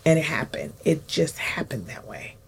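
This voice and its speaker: Low-voiced woman speaking candidly. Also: expressive, normal speed, vocal fry, slightly rough, in a whisper. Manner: candid, reflective, conversational. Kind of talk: interview.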